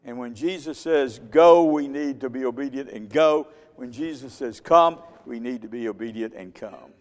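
Emphatic preacher in a reverberant hall. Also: male voice, medium pitch, moderate pace. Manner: emphatic, swinging between loud and quiet. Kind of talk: sermon.

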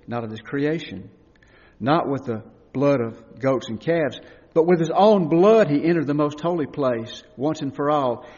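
Impassioned male preacher in a reverberant church. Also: fairly high pitch. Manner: impassioned preaching, swelling to loud cries and dropping to hushed tones. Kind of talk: sermon. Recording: dull, lo-fi recording with long hall reverb.

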